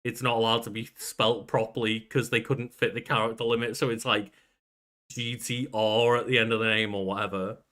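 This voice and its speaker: A man's voice: fairly low pitch, level tone, fairly quick, a bit bright. A man co-hosting a casual podcast, chatty, laughing often and swearing offhand. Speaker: podcast co-host. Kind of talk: casual chat.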